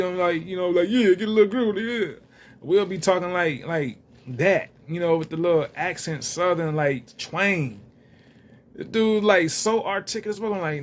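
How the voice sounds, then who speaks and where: A man's voice: fairly high pitch, a little hiss or hum. A young man giving rambling, casual commentary with loose slang and lots of fillers. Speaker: reality TV commentator.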